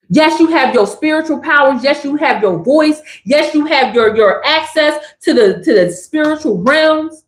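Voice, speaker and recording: High-pitched lady preaching on a live stream, emphatic and slangy, roomy echo. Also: expressive, normal speed, few pauses, fairly bright tone. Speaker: spiritual reader. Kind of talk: live-stream spiritual message.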